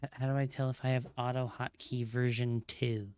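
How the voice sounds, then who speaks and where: A man streaming live as a gamer, troubleshooting out loud, swearing a lot and muttering under his breath. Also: medium pitch, level tone, brisk, smooth, no room sound. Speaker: gaming streamer.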